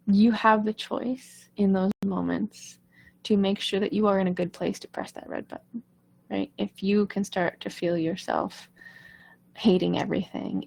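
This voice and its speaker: A woman coaching singers in a live online session, talking earnestly in a loose, conversational way. Her voice carries a steady gravelly fry at a middle pitch. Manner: earnest, conversational, often asks "right?". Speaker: singing coach.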